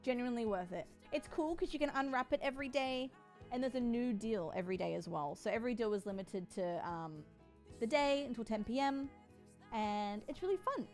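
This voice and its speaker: A woman's voice: a little high, lively intonation, brisk, faint music behind. Bubbly woman streamer. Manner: bubbly and playful, talks to chat. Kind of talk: casual sponsored livestream chat.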